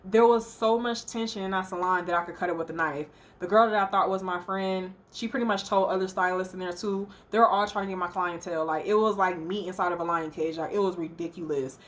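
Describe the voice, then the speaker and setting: A woman's voice: lowish voice, fairly even intonation, fairly quick, hardly any pauses. A young woman, a hairstylist and salon owner, telling a personal story in a chatty, emotional way with many fillers. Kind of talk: casual storytime vlog.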